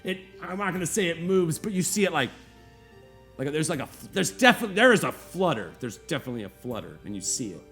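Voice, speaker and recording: A man narrating as game master, rambling with many fillers and now and then squeaking out children's voices. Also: sing-song, a little fast, a bit bright, breathy edge, soft background music.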